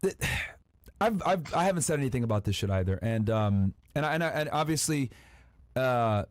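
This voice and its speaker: A man's voice: medium pitch, animated, normal speed, no echo, studio quality. A man hosting a podcast, talking casually in slangy commentary with many restarts. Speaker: podcast host.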